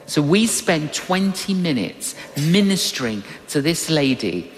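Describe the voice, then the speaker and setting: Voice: medium pitch, a little slow. An older preacher giving a sermon and telling personal stories, acting out the people in the stories. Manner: animated, acts out quoted voices. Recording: long reverberant hall.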